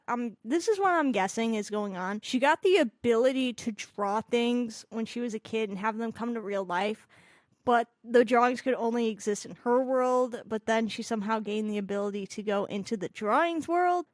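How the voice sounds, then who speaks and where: A woman hosting a casual reaction video, excitable and thinking aloud as she talks to her viewers. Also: fairly high pitch, no echo, clean studio sound. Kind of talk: casual chat.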